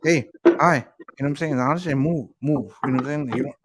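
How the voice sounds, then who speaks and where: A man of ordinary pitch holds forth in a loose, unscripted chat. He swears freely and circles through his stories with filler phrases and restarts. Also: very fast, noisy background. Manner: profane, rambling storyteller with constant "you know what I'm saying". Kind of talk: casual chat.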